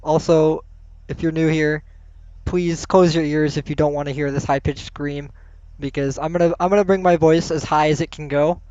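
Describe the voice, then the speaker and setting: An esports caster calls a live-streamed tournament in loose, playful commentary, giggling and frequently poking fun at himself. His voice is fairly high and a little mellow, with fairly even intonation and a normal speaking speed. It comes through a dull, lo-fi stream mic without any echo.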